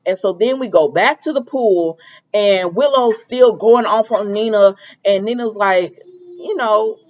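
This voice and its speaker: A woman's voice: medium pitch, a little slow. Woman chatting through a lo-fi soap recap. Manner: animated, acts out characters' lines, trails off with "or whatever". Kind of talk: casual chatty episode recap.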